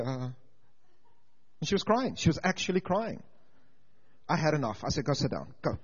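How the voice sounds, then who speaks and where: A man preaching a sermon with stories and humor, swinging from loud emphasis to quiet intensity. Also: high-pitched, animated, a little fast, slightly rough, big-room sound. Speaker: pastor and teacher. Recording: dull lo-fi sound.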